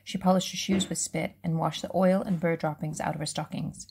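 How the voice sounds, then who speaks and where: A woman reading a children's novel aloud, relaxed, with casual asides and self-corrections. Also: low-pitched, a little fast, gravelly, slightly rough. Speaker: reader.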